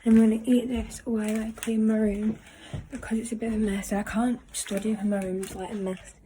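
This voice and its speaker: In a noisy home video shot in her bedroom, a teen girl talks casually through a study-with-me vlog, rambling and using lots of fillers. She speaks a little high in a level, brisk, mellow tone.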